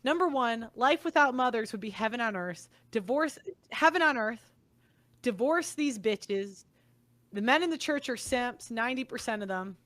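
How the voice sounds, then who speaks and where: A woman's voice: fairly high pitch, lively intonation, moderate pace, fairly bright tone. A young woman giving an angry, blunt monologue, swearing often as she vents. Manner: blunt, profane and heated. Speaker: commentator.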